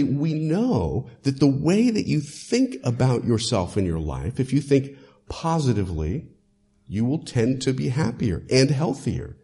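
A man's voice: medium pitch, mellow. A male pastor preaching a sermon, emphatic and conversational, with frequent "uh" fillers.

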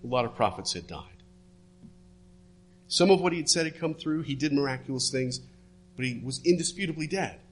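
A man preaching a sermon, retelling a story and dropping his voice low and soft for the quoted words. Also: expressive, a little fast, long pauses, a little hiss or hum. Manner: storytelling, drops to hushed tones for quoted words.

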